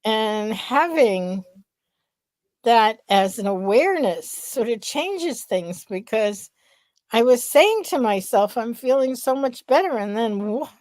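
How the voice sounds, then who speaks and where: Slow reflective woman, dry close sound. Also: fairly high pitch, animated, darkish tone, dry recording. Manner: slow, reflective, thinks aloud. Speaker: podcast co-host, researcher. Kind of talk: casual podcast chat.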